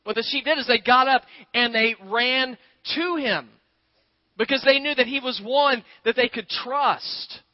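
A male pastor with a notably high voice delivers a casual, conversational sermon, calling his listeners "guys" and "y'all". The sound is dry and a little dull, with no room echo. His voice falls quiet and soft when he tells a story. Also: a little slow.

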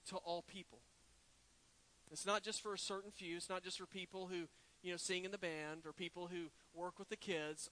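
A male pastor preaching a sermon, dropping to a hush and slowing down on key words for emphasis. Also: sits high, low-quality recording.

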